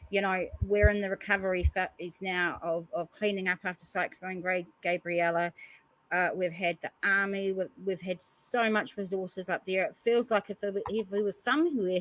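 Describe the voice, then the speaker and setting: Poor audio captures a podcast host reading news stories with a medium-pitched voice at a moderate pace. She is earnest and pauses often to weigh in between passages.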